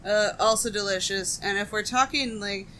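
A woman from the Midwest, co-hosting a podcast, telling stories in a casual, profane, animated way. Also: medium pitch, normal speed, slight background noise. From American Midwest. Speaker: podcast co-host. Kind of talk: casual chat.

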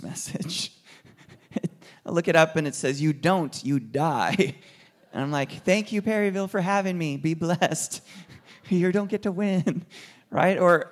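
A man preaches to a congregation in an easy, conversational sermon style, joking along the way. His voice sits a little high for a man, and he climbs to loud, passionate peaks as he presses his point. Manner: conversational preaching with jokes and rising intensity. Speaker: pastor.

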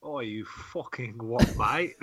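A man's voice: mid-range voice, heavy background noise, full character voice. A man voicing a rowdy, crude young English bloke, attempting an English accent in a tough, mock-aggressive way.

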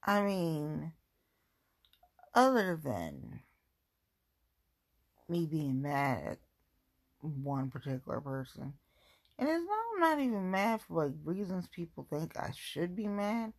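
A woman's voice: low voice, very animated, takes it slowly, pauses often. A woman from the Cincinnati area chatting casually in a rambling, self-mocking vlog at home, firing off exasperated rhetorical questions. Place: at home, going through belongings.

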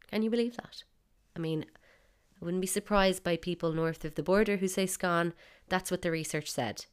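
A woman's voice: lowish voice, clear, resonant tone. Playful Irish woman hosting a podcast. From Ireland. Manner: wry, playful, mock-indignant. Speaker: podcast host. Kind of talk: scripted comedic podcast monologue. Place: bedroom at home.

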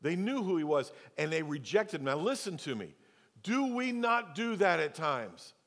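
A man preaches from the pulpit, his fairly high voice rising into emphatic declarations and dropping into low, confiding asides. His words ring out with a long reverb that fills the church sanctuary. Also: sing-song, moderate pace. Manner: swings between loud emphatic preaching and quiet, low asides. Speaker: pastor. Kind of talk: sermon.

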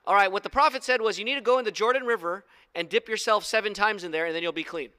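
A man voicing a polite male servant who gives a flat, polite brush-off at a prophet's door. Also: high voice, fast, pitched above the performer's own voice.

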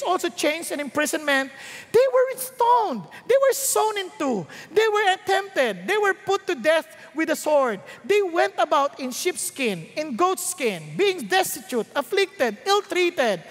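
Filipino woman preacher, lively, high-pitched, questions the crowd, echoey hall sound. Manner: animated, mixes English and Tagalog, asks the congregation rhetorical questions. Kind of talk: sermon. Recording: reverberant hall.

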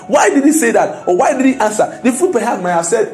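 High-voiced, emphatic preacher. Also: male voice, lively intonation, fast talker, few pauses, soft background music. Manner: emphatic, rising to loud declarations. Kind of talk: sermon.

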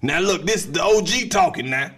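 A man's voice: high-pitched, lively intonation, brisk, fairly bright tone, slightly rough, voice pushed up, heavily acted. A man putting on a brash older uncle, with a rambling, laughing manner, leaving a voicemail.

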